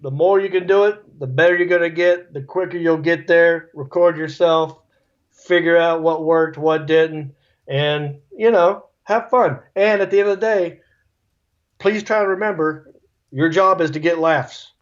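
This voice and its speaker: Man, middle-aged, comedian, relaxed joking storytelling, slightly high voice, muffled call audio. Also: measured pace. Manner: laid-back, jokey storytelling with put-on voices. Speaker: guest comedian. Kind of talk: casual video-call interview. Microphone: video call.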